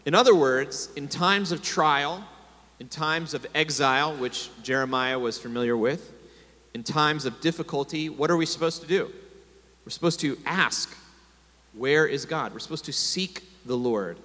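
A man's voice: on the high side, normal speed, pushed and bright. Male preacher, sermon delivery with call-and-response, reverberant sanctuary sound. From America. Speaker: pastor. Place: congregation hall. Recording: long hall reverb.

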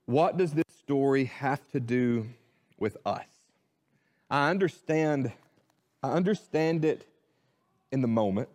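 A man preaching a sermon, animated, repeating words as he restarts his thoughts. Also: medium pitch, slow pace, long pauses. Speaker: pastor.

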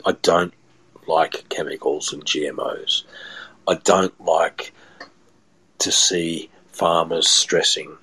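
A man's voice: sits low, fairly bright tone, poor audio. A man, a chef chatting as a podcast guest and telling rambling stories with many restarts. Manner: rambling, repeats and restarts phrases. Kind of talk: casual storytelling chat.

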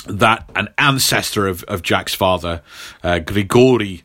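A man's voice: fairly low pitch, a little slow, sharp tone. A man recapping a story in a rambling, playful way for a podcast. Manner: rambling, playful, many ums. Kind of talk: comic plot recap.

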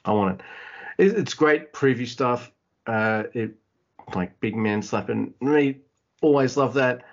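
A man in the middle of his pitch range chats on a podcast, excitable and quick to swear. He laughs often. The audio is slightly dull and lo-fi. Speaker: podcast co-host. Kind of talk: casual wrestling chat.

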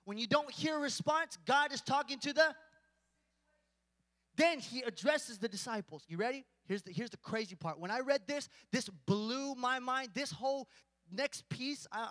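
A man's voice: very high-pitched, pushed and bright, dry recording, in a large hall. A man preaching a casual, conversational sermon, joking with the congregation and rising to emphatic points.

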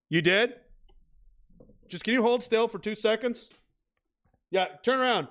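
A man's voice: high-pitched, lively intonation, normal speed, bright, forceful tone, no room sound, clean studio sound. A man hosting a livestream, reading chat aloud and ranting in a blunt, angry, heavily profane way. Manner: angry, blunt, swearing constantly.

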